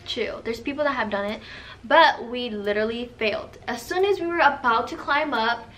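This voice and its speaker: A young woman vlogger telling stories to camera in a sassy, animated way, swearing freely. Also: fairly high pitch. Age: young adult. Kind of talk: casual storytelling to camera.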